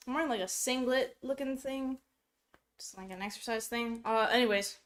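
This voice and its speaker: Female streamer, relaxed blunt commentary, filler-heavy, slightly higher register. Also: normal speed. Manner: chatty, blunt, with many fillers. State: coughing, choking on popcorn. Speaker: streamer reacting to a video. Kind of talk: casual reaction commentary. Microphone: streaming setup.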